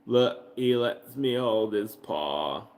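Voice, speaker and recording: A man's voice: lowish voice, animated, takes it slowly, a little mellow. A man hosting a casual livestream from home, joking with profanity and cooing baby talk to his dog. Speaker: livestream host.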